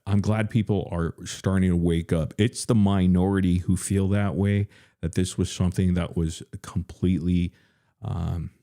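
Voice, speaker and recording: A man's voice: low-pitched, gravelly, dark tone. A man hosting a livestream, ranting bluntly and profanely with many hesitant fillers. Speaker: livestream host.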